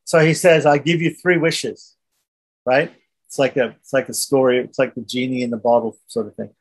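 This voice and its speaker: A man's voice: medium pitch, fairly quick, husky. A man teaching a scripture class, retelling a story in a conversational way and often checking in with the listeners. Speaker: religious teacher.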